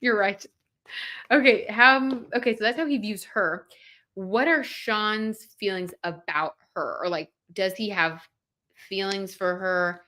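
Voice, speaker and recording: Bright-voiced young woman chatting casually. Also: mid-range voice, a little slow. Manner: chatty, reads viewer comments aloud, frequent "like" fillers. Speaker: tarot reader and livestream host. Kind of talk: casual livestream chat.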